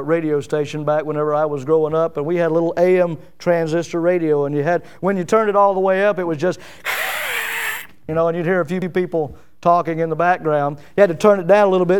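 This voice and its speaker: A preacher delivers his sermon in a high, smooth and resonant voice. His cadence climbs and drops as he presses each point home, repeating phrases for emphasis.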